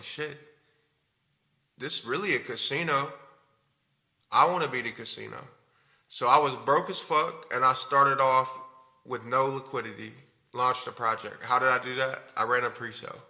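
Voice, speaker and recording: A man's voice: mid-range voice, fairly even intonation, a little fast, sharp tone. A man streaming to his viewers, telling his story in a candid, rambling, profane way. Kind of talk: casual talk to stream viewers.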